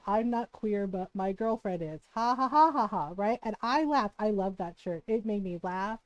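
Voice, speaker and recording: A woman streamer telling an animated story in casual chat, laughing often and checking in with her listeners. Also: medium pitch, dry recording. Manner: animated, laughs often, keeps asking "right?".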